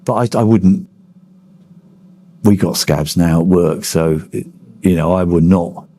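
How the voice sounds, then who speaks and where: Former miner, 50s, blunt storyteller, low husky voice. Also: male voice, unhurried, mellow. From Kent, England. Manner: blunt storytelling, swears freely. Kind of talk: oral history interview.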